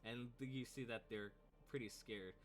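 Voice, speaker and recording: A man's voice: medium pitch, fairly even intonation, normal speed. A man narrating as game master of a tabletop game, talking loosely with many fillers. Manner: loose, filler-heavy narration with acted cultist outbursts.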